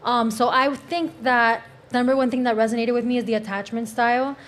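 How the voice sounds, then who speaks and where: A woman's voice: fairly high pitch, steady tone, brisk. A woman with a Cuban accent, a panel guest speaking openly and earnestly in casual talk. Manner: open, candid, earnest.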